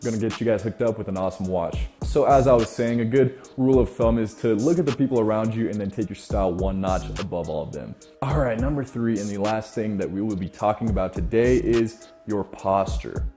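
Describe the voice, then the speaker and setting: A man's voice: on the low side, fairly quick, hardly any pauses, warm tone, soft background music. A young man hosting an advice vlog, talking to his viewers in a confident, upbeat way. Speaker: vlogger giving self-improvement advice. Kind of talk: energetic direct-to-camera advice vlog.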